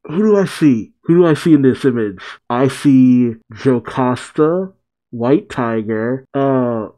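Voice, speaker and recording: A man's voice: medium pitch, big pitch swings, warm tone. A man hosting a reaction video, giving casual running commentary on a cartoon episode with frequent exclamations, gasps and chuckles. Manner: exclamatory, quick gasps and chuckles between remarks.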